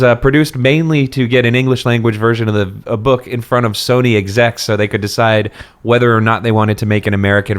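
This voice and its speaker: A young man co-hosting a casual comedic book podcast, chatty and self-mocking, laughing often. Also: mid-range voice. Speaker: podcast co-host.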